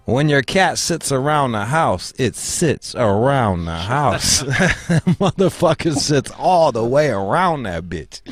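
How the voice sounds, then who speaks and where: Man, talk show host, profane, animated, laughs a lot, dry close sound. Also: mid-range voice, no echo. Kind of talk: casual talk show chat.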